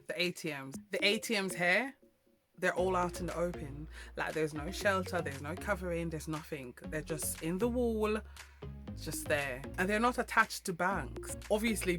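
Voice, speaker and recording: Jamaican woman, vlogger, casual chat to camera, emphatic, slangy asides, faint background music. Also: lowish voice.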